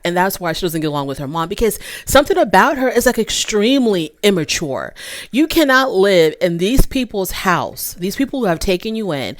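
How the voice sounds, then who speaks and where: A sassy woman gives her candid opinions while recapping a reality show in a casual, chatty way. Her voice sits a little low, and the recording is close and dry with no room sound. She talks with plenty of asides. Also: dry recording.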